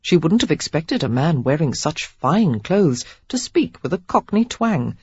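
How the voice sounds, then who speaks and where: A woman reads a novel aloud with a lively, expressive pitch and a husky, breathy grain. The sound is dry and close, with a slightly dull, muffled top end. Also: measured pace, hardly any pauses, dry recording. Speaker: audiobook narrator. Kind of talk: scripted narration of a romance novel.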